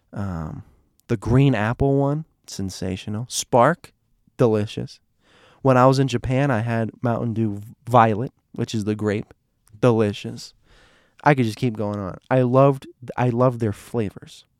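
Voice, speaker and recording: A man's voice: mid-range voice, a little mellow, no room sound, clean studio sound. A young man talking casually to his viewers in a rambling, digressive way, restarting his sentences often.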